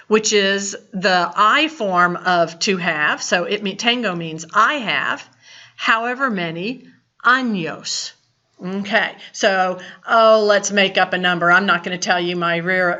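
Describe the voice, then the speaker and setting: Slow-spoken woman teaching Spanish. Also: medium pitch, sharp tone. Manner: slow, deliberate explanations with playful asides. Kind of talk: recorded classroom lesson. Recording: dull lo-fi recording.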